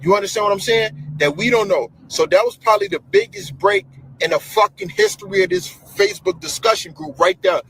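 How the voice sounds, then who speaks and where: A man's voice: sits high, very animated, a little fast, a bit bright, a little hiss or hum, rough recording. A man talking casually on a livestream, rambling and profane, repeating himself. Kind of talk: casual chat.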